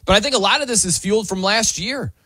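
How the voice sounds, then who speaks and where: A man hosting a sports radio show, energetic and upbeat as he introduces segments and banters with co-hosts. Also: high voice, fast talker, breathy edge, no echo, clean studio sound. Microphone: studio microphone.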